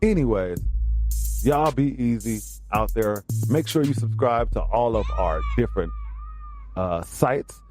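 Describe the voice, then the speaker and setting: A man's voice: medium pitch, measured pace, soft background music. A man co-hosting a casual sports podcast, ranting and trash-talking with lots of profanity. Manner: animated, profane trash talk. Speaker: podcast co-host.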